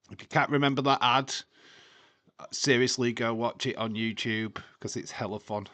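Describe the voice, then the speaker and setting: A man's voice: mid-range voice, fairly even intonation, normal speed, fairly bright tone, no room sound. A man hosting a live watch-along stream, chatting casually to his viewers and laughing often as he rambles through jokey tangents.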